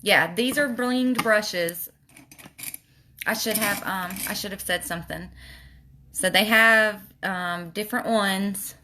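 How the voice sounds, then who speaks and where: A woman's voice: mid-range voice, slow pace, pushed and bright, slight background noise. A woman with a slight lisp, chatting casually while showing makeup on a livestream. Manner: chatty, reads viewer comments aloud.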